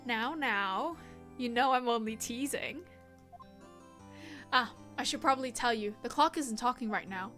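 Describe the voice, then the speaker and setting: A woman reading the lines of a calm older sister who teases her sibling gently. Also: a little high, unhurried, pauses often, faint music behind. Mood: gentle. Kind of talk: reading game dialogue aloud.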